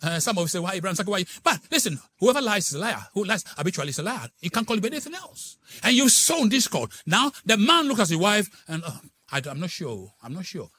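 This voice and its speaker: A middle-aged man preaches with a bright, forceful voice. His pitch leaps and falls all through the sermon, sliding from hushed asides into loud, dramatic exclamations. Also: very animated, quick pace, few pauses. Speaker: pastor.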